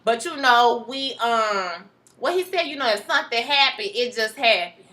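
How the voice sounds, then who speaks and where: A woman recaps a TV episode in a loose, chatty way. Her voice sits a little high and sounds bright and forceful. She slips into the characters' lines with plenty of animation. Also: lively intonation, normal speed. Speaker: TV show recapper. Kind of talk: casual recap chat.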